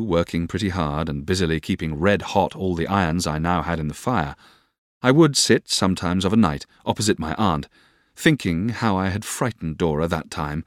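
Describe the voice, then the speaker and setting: A man narrating an audiobook in an expressive, lively reading style. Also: sits low, no room sound, studio quality.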